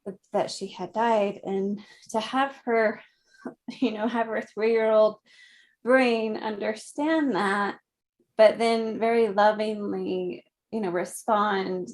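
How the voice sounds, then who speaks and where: A woman in her thirties, a guest in an interview, speaking gently and reflectively, with frequent soft laughs. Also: medium pitch, fairly even intonation. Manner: slow, gentle, reflective, laughs softly often. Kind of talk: conversational interview.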